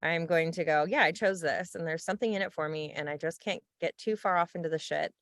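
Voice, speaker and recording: A woman's voice: sits low, fast talker, fairly bright tone, dry recording, studio quality. A woman co-hosting a podcast, talking reflectively in a casual chat and laughing often. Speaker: podcast co-host.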